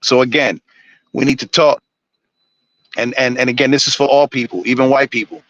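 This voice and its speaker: A man's voice: medium pitch, fairly even intonation, fairly quick, a bit bright, no room sound, muffled recording. A man ranting on a live stream, blunt and preachy, swearing constantly. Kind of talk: profane ranting monologue.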